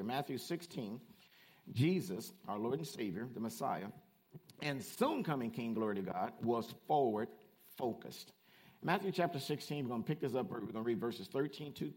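A man preaching a lively sermon, swinging between loud, emphatic lines and quieter explanations. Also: breathy edge. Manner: animated, swings from shouting to low asides.

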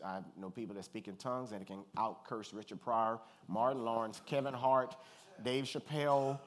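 A man from Louisiana, a pastor, preaching in a conversational, animated way with joking asides and calls for the congregation to respond. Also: fairly low pitch. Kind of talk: conversational sermon.

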